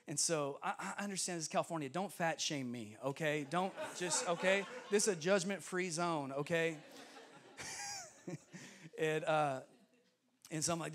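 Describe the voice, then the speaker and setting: A young man preaching from a church stage, his voice high and bright. He tells stories with bursts of laughter and plays the voices of the people in them. Both delivery and tone stay animated throughout. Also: normal speed. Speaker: guest preacher. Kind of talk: sermon storytelling. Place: church sanctuary.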